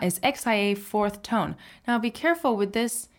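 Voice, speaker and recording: A woman's voice: medium pitch, normal speed, few pauses. A woman teaching a language on a podcast, patiently explaining and often checking in with "right?". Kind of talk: podcast lesson.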